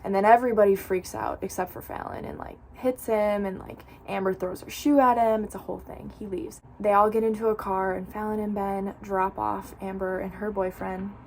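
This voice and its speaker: A woman's voice: medium pitch, flat delivery, normal speed, hardly any pauses, a little mellow, slight background noise. A young woman casually recapping a novel for her channel, chatty and full of "like.". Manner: chatty, fills speech with "like". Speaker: book vlogger.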